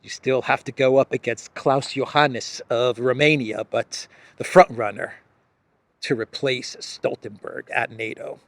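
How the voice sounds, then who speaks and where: A man's voice: medium pitch, fairly even intonation, unhurried, no room sound. A man hosting a solo political commentary, sarcastic and mocking, laughing often and acting out quotes in silly voices.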